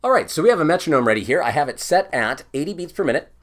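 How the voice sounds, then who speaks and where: A man's voice: a little high, big pitch swings, racing. A man giving an online bagpipe lesson, patiently explaining each step and singing counts aloud. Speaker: bagpipe teacher.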